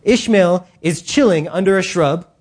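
A man preaching a sermon in an animated, casual way, using slang and acting out voices. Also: high-pitched, normal speed.

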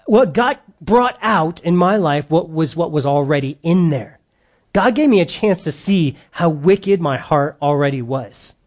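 A middle-aged man leading a humorous church parenting session for a live audience, telling stories and acting out his own outbursts. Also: high voice. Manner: animated storyteller, acts out his own outbursts loudly. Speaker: parenting seminar speaker.

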